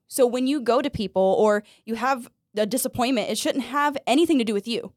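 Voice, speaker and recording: A woman's voice: a little high, brisk, no echo, studio quality. A woman co-hosting a casual Christian podcast, chatty, laughing often and acting out quotes as she talks. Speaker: podcast co-host.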